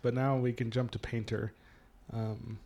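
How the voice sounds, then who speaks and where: A man's voice: mid-range voice, unhurried. A man co-hosting a book discussion podcast, casually retelling scenes and acting out the characters' lines. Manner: animated, retells scenes with quoted voices. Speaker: podcast co-host.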